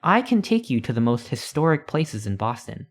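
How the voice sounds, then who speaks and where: A man's voice: mid-range voice, very animated, normal speed. A man voicing a pompous old tour guide in colonial dress, read from a text adventure. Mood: proud lecturing. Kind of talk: reading a text adventure aloud.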